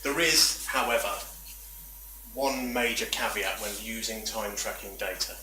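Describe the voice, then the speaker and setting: A man's voice: fairly low pitch, unhurried, noisy background. A man giving a chatty, self-deprecating talk at a meetup, full of rambling asides. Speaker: conference speaker. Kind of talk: presentation talk. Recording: echoey room from far off.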